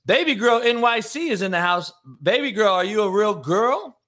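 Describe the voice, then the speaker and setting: A loud-mouthed male sports host on a solo show, trading insults with the people in his live chat. His voice sits a bit higher than most men's and comes out tense and sharp. He swears constantly and sounds completely sure of himself. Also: expressive, moderate pace. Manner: brash, profane, combative; talks to live chat viewers. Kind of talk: solo sports talk rant.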